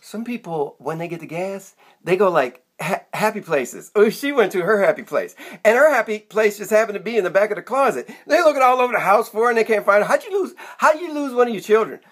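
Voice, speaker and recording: A man's voice: sits high, expressive, fairly quick, hardly any pauses, fairly bright tone, husky. A man in his sixties telling a rambling comic monologue to camera, chatty and self-mocking, drifting off into side stories. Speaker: comedic vlogger.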